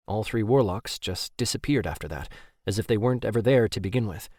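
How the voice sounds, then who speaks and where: A man narrating an audiobook in a steady, even storytelling manner. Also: lowish voice, fairly quick, no room sound, clean studio sound.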